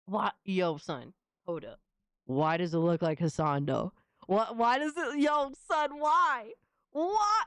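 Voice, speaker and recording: A woman's voice: mid-range voice, expressive, slow pace, a bit bright, smooth, no room sound, studio quality. A young woman streamer reacting casually to fan images, slangy and exclamatory, often laughing.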